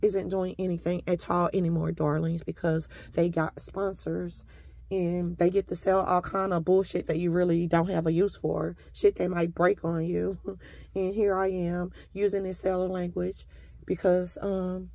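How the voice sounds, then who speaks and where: A woman's voice: lowish voice, little pitch movement, measured pace, vocal fry, dark tone, no echo. A woman delivering a combative, profane monologue to camera, with sarcastic politeness throughout. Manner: repeatedly addresses a listener as "sir". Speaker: vlogger.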